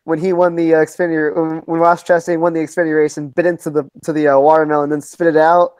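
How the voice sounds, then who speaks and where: A man's voice: fairly high pitch, level tone, a little mellow, smooth, dry recording. A man co-hosting a casual podcast chat about racing, talking with many restarts and repeated words. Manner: fast, stammering, many restarts. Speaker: podcast co-host.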